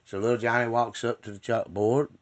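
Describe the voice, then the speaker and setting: A man telling a long joke in a folksy, unhurried way, repeating words as he goes. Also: medium pitch, little pitch movement. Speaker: joke teller.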